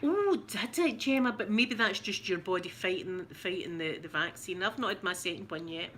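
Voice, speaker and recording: A middle-aged Scottish woman chats to her live viewers in a rambling, giggly way, often restarting her sentences. Her voice is bright and forward, with a faint hum of background noise under it. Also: lowish voice, animated, normal speed. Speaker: ASMR livestream host. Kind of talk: casual live chat with viewers.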